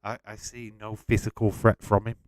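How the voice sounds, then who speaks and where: This wrestling watch-along host speaks at a normal speed with a fairly low pitch and level tone, on a dry recording. Throughout the live stream he's blunt and casual, swears freely, greets viewers, and reads their comments out.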